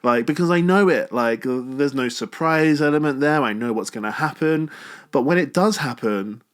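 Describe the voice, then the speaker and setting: A man giving a casual spoken film review, chatty and animated, with a self-mocking streak. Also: mid-range voice, moderate pace.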